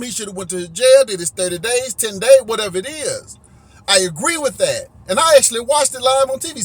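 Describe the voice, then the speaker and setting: A man's voice: extremely high pitch, a bit bright, a little hiss or hum. A middle-aged man giving a heated, preachy opinion monologue, swearing and restarting as he makes his points. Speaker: commentary vlogger.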